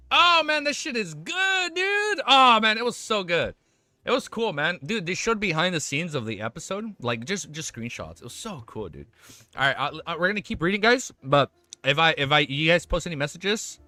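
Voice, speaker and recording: A young man livestreaming, chatting casually with his chat and reading a web novel aloud, excitable and swearing freely. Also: mid-range voice, no echo.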